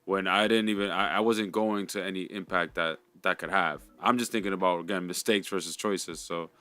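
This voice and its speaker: A man's voice: low voice, fairly even intonation, sharp tone, dry recording. A man co-hosting a reflective conversation, speaking thoughtfully with frequent restarts. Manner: thoughtful, halting, many restarts. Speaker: co-host.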